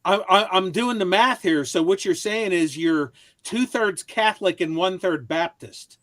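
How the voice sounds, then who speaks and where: A man's voice: high-pitched, moderate pace, a bit bright, no room sound, studio quality. A man in a casual video-call chat who makes wry jokes. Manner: wry joking.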